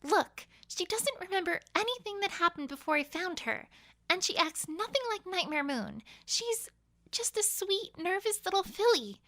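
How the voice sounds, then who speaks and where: A woman doing a bright, earnest young unicorn. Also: very high voice, animated, moderate pace, no echo, clean studio sound, heavily acted. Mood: anxious. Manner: nervous, rambling, earnest. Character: bookish young unicorn mare, earnest and fretful. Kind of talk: fan audio drama reading.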